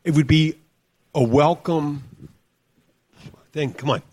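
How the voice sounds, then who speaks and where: A man hosting a podcast in casual chat, easygoing and quick to laugh. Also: fairly high pitch, a little mellow. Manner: easygoing, quick to laugh, short agreeing replies. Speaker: podcast host.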